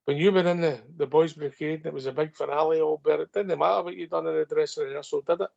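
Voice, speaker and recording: A man's voice: fairly high pitch, fairly even intonation, quick pace, vocal fry, a little mellow, highs cut off. A Scottish man co-hosting a fan phone-in, making firm, emphatic points in casual chat.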